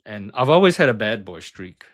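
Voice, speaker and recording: A man's voice: fairly low pitch, moderate pace. A middle-aged man on a talk panel, casually telling personal stories and acting out the voices of people he quotes. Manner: animated, acts out quoted voices. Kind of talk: casual storytelling.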